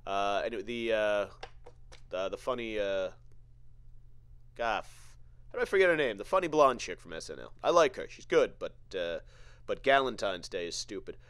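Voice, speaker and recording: A man hosting a podcast, delivering a profane, sarcastic comedic rant full of halting restarts. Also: lowish voice, sing-song, a bit bright, smooth, no room sound. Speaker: podcast host.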